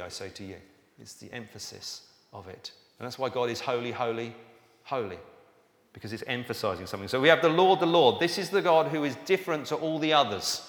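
A man's voice: mid-range voice, a bit bright. A man preaching a sermon in a conversational, emphatic way. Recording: echoey hall, room reverb.

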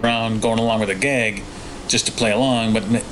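A man in casual chat, reasoning aloud quickly. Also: on the low side, steady tone, a bit bright, a little hiss or hum, rough recording.

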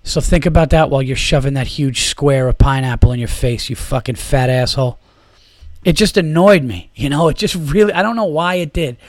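A man hosts his own comedy podcast alone, ranting, swearing heavily, and rambling with plenty of fillers. His mid-range voice runs a little fast. The sound is clean studio audio with no room sound.

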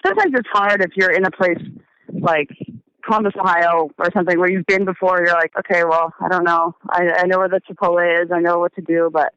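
A woman's voice: lowish voice, a little fast, fairly bright tone, clear, resonant tone, dry recording, dull audio. A woman musician chatting as an interview guest, meandering and hesitant, often trailing off mid-thought. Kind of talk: casual interview chat.

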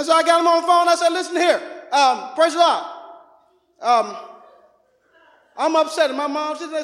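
A man preaches from the pulpit, his voice pitched very high and ringing through a roomy, echoing church. He shouts out to the congregation, laughs, and tells his story with lively preaching energy. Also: normal speed. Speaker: pastor. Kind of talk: sermon. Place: church sanctuary. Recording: echoey hall.

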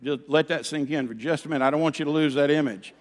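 A middle-aged man preaching a sermon as pastor, animated, telling stories and swinging from loud bursts to hushed, quiet passages. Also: on the high side, quick pace. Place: church sanctuary. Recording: long reverb of a large hall.

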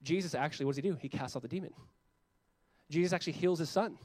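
A young adult male pastor preaches quickly, his voice a little higher than most men's and slightly mellow. He speaks conversationally and slips into quoted voices during the sermon. The recording is dry and close, with little room echo.

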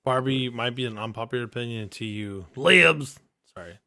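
A man's voice: mid-range voice, expressive, normal speed, pushed and bright. A man co-hosting a wrestling podcast in casual chat. He jokes and teases, and laughs often. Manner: joking, teasing, laughs often. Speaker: podcast co-host.

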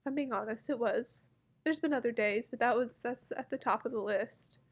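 Woman, thirties, slightly high pitch, halting, heartfelt, near tears, personal story. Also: husky. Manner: halting, heartfelt, many pauses and fillers. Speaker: vlogger. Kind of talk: personal story told to camera.

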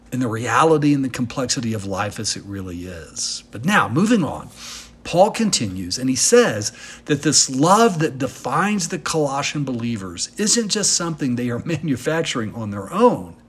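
A man's voice: medium pitch, big pitch swings, moderate pace, breathy edge. A male pastor delivering an earnest, emphatic sermon, asking the congregation rhetorical questions as he preaches.

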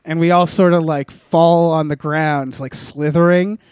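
A man's voice: a little high, fairly even intonation, a little slow, darkish tone, smooth, dry recording, studio quality. A man co-hosting a comedy podcast, rambling through an improvised story with many filler sounds and restarts. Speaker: podcast co-host.

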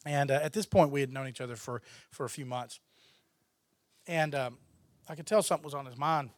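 Recorded without echo, a guest from Texas, USA, speaks at medium pitch and a little fast. Telling a casual story, he stays animated, laughs frequently, and acts out other people's words.

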